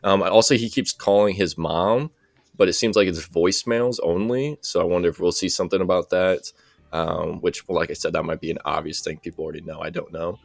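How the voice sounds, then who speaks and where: A man co-hosting a podcast, talking casually and loosely, and getting lively when something strikes him as funny. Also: deep voice, brisk, creaky, dry recording. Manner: relaxed, rambling, gets animated when amused. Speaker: podcast co-host. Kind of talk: casual chat.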